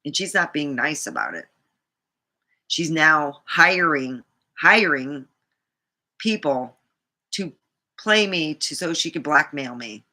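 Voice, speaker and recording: A woman's voice: low voice, very animated, moderate pace, sharp tone. A middle-aged woman vlogger telling a rambling dating story, full of fillers and restarts. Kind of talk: casual storytime monologue.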